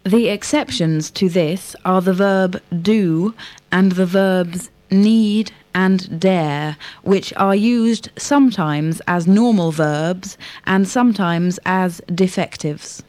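A woman's voice: on the low side, slow pace, darkish tone. A woman answering a scripted grammar drill, carefully repeating the full sentences. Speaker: lesson respondent.

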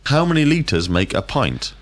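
A man teaching vocabulary, asking drill questions in a clear, deliberate way. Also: mid-range voice, big pitch swings. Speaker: language teacher. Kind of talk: scripted drill lesson.

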